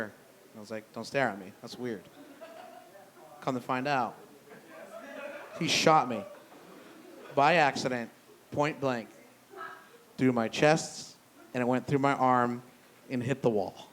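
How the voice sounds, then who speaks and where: A young man telling a profane stand-up story on a brewery stage, loose and conversational, dropping low for punchlines. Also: a bit bright. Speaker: stand-up comedian. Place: brewery stage before a live audience.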